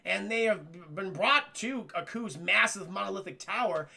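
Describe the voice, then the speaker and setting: A man streaming a cartoon recap in a rambling, excitable, profane way, often addressing his chat. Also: sits high, moderate pace, vocal fry. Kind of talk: casual profane scene recap.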